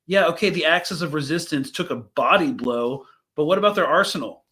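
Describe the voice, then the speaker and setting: A chatty young man with a slightly high voice hosts casual live commentary, reacting to news clips. He talks fairly quickly in a pushed, bright tone, rambling as he thinks aloud with fillers and restarted sentences.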